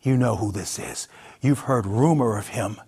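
A man narrating a story in the second person, in an expressive, intimate, vivid way. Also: lowish voice, normal speed, breathy edge.

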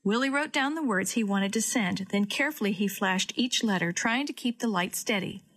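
Female storyteller, clear children's-story narration, middle pitch. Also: animated, moderate pace, fairly bright tone.

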